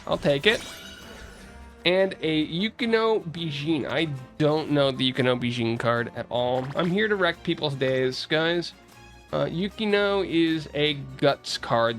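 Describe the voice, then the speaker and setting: With faint music in the background, a young East Coast man chats casually on his stream, reading out viewer messages and greeting people. His voice is slightly high and fairly bright.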